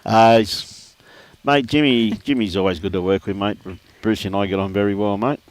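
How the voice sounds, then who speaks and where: A chatty Australian man commentates a lawn bowls match from beside the green, his voice sitting low. He keeps breaking off to laugh and to greet viewers by name in an easygoing live sports commentary style. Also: steady tone, moderate pace.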